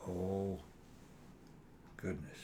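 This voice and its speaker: An older man, reminiscing in a halting, rambling way with fillers while his son interviews him. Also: deep voice, steady tone, dark tone, slight background noise. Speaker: father being interviewed. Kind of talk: casual family interview.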